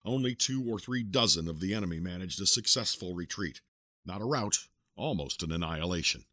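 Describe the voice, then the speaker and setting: A man narrating an audiobook in a steady, measured storytelling manner, recorded close to the mic. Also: sits low, no echo.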